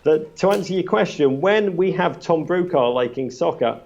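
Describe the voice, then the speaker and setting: A man, a podcast guest and author, telling animated anecdotes at a live panel with many restarts. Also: on the high side, normal speed, gravelly, lo-fi sound.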